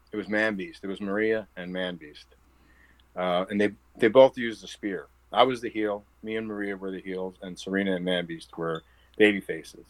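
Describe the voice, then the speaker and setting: A professional wrestler with a New Jersey accent chats as a guest in a casual interview, animatedly telling stories and acting out quoted dialogue. His voice is fairly low, and the recording is dry and low in quality.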